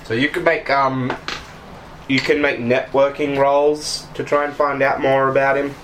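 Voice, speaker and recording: A man's voice: mid-range voice, flat delivery, unhurried, noisy background. A man explaining rules as game master of a tabletop game.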